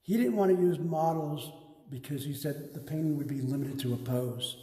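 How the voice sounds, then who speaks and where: A man guiding a live museum tour, telling lively stories about his father's art. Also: fairly high pitch, moderate pace, reverberant, big-room sound, poor audio. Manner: animated anecdotes, acts out his father's lines. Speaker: museum guide, artist's son. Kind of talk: casual storytelling on a live tour. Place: art museum gallery, indoors.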